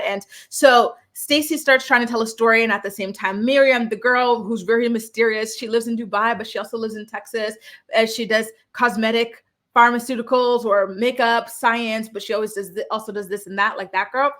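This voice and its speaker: A young woman recaps a reality show at a moderate pace, casual and full of opinions. She sounds indignant and animated, acting out quotes with sudden leaps in pitch.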